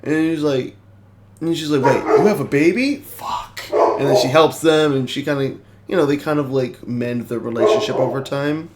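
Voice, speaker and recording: A man giving a casual movie review, rambling, excitable and swearing freely. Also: medium pitch, moderate pace, heavy background noise.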